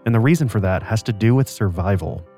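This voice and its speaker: A man's voice: lowish voice, lively intonation, quick pace, dark tone, faint music behind. Male podcast host narrating from script.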